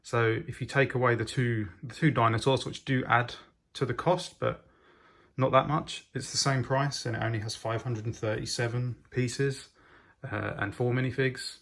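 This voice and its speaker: Man, casual review, enthusiastic, hesitant, gravelly, mid pitch. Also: steady tone, moderate pace, a bit bright. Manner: enthusiastic, hesitant with frequent ums. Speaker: LEGO reviewer.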